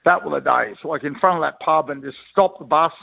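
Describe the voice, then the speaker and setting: Fast-talking, gravelly middle-aged Aussie ex-footballer, blokey raconteur, on a phone line. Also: male voice, a little high. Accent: Australian. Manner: blokey, rambling, colloquial. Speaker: retired rugby league player, guest. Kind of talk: phone interview, storytelling.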